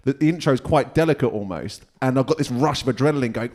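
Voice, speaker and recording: A man's voice: medium pitch, quick pace, hardly any pauses, darkish tone. A male podcast host interviewing a musician in a jokey, casual way. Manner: chatty and jokey, with mild swearing.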